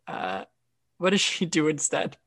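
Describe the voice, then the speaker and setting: A woman's voice: low voice, sing-song, unhurried, breathy edge. Woman podcast cohost recapping an episode, chatty, lots of ums and restarts. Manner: chatty, frequent fillers and restarts. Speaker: podcast co-host. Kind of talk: casual recap chat.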